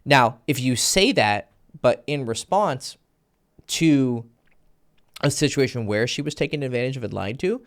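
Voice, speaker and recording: A man with a gravelly, fry-edged voice gives dating advice in a loose, casual style. He is blunt and profane. He keeps acting out little exchanges between himself and a woman. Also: mid-range voice, animated, measured pace. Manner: blunt, profane, acts out both sides of conversations. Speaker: dating coach. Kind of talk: casual instructional talk.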